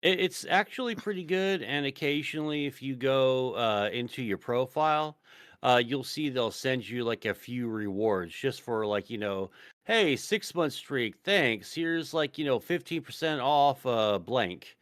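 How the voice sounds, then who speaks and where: A man's voice: mid-range voice, expressive, measured pace, a bit bright, dry recording, studio quality. A man hosting a podcast, talking in a rambling, profanity-heavy casual way. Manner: profane, rambling, full of fillers. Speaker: podcast host. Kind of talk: casual chat.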